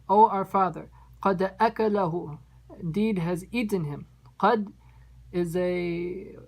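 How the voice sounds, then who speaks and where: A woman's voice: lowish voice, darkish tone, poor audio. A woman teaching an Arabic text, reading each phrase and then translating it word by word and explaining its grammar. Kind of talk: line-by-line text translation lesson.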